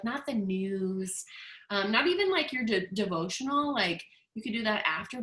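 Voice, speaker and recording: Bright-voiced woman, echoey room. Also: medium pitch. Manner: chatty, emphatic, peppered with "like". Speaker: team leader. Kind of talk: motivational book talk.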